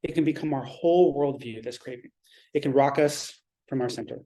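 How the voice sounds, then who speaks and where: A man giving a Zen dharma talk in a reflective, measured way, pausing and restarting his thoughts. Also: medium pitch, mellow.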